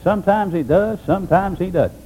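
A man pastor preaching an emphatic sermon, dropping low for solemn points. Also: fairly quick, husky, narrow, tinny audio.

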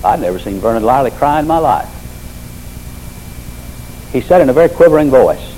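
A man's voice: mid-range voice, expressive, a little fast, mellow, a little hiss or hum, low-quality recording. An older man preaching a sermon, telling folksy stories with emphatic repetition.

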